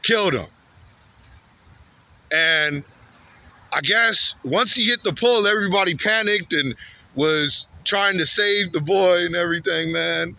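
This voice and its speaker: High, bright-voiced man rambling outdoors. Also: unhurried, gravelly, long pauses, dull audio. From Santa Ana, California. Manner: rambling, repetitive, heated retelling; frequent "man" and "bro" tags. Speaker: vlogger. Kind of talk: walking vlog storytelling. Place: outdoors on a street.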